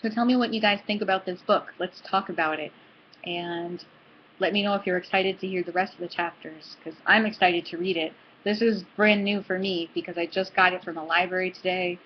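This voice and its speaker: A woman's voice: lowish voice, steady tone, fairly quick, lo-fi sound, slight background noise. A woman running a book club video, reading a novel aloud and then chatting earnestly with her viewers. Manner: earnest and chatty, a little breathless.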